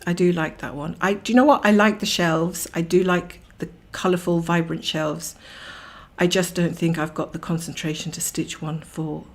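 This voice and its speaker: Casting: woman host, low gravelly voice, rambling relaxed livestream chatter. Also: moderate pace. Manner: rambling, chatty, laughs often. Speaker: cross-stitch livestream host. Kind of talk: casual chat while stitching, reading viewer comments.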